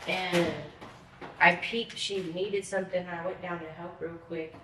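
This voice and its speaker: A woman's voice: fairly low pitch, fairly even intonation, unhurried, sharp tone. Young woman rambling on her vlog, kinda frantic and scattered, lots of likes, slight hiss behind. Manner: scattered, frantic, swearing, many fillers. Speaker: vlogger. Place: apartment. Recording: echoey room with faint noise.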